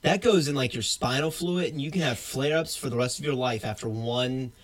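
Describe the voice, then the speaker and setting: A man's voice: mid-range voice, a little fast, slight background noise. Blunt, wry man podcast host. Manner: blunt, wry, swears casually. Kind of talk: casual chat.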